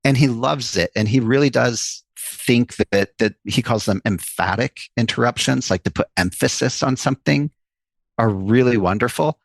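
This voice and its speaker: A man's voice: medium pitch, moderate pace, creaky, dry recording. A man, a psychologist and author, guest on a podcast interview, explaining his ideas at length with examples. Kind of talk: interview conversation.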